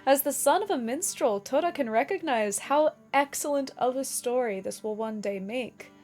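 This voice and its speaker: A woman narrating a scripted video essay in a measured, explanatory way, with dramatic emphasis on key lines. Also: high-pitched, animated, a little mellow, soft background music.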